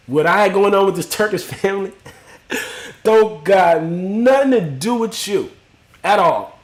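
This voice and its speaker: A man's voice: sits high, expressive, a little slow, roomy sound. A young man hosting a livestream, telling a story in casual, profane street slang and talking straight to his chat. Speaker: livestream host.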